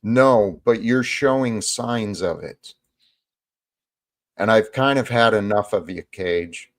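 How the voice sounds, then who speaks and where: A man hosting a casual online chat, speaking in a measured, scolding way. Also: on the low side. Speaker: host.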